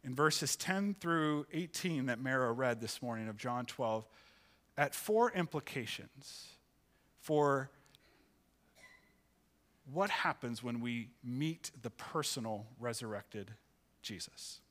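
Male pastor, sermon delivery, expressive storyteller, bright tense tone. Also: slow, pauses often. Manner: expressive, pitch rises for acted quotes. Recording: church sanctuary, live sermon.

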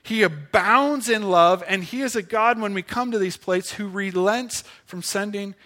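Earnest high-voiced male preacher. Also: sharp tone. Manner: earnest, pleading preaching with slow emphatic phrases. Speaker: pastor. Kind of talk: sermon.

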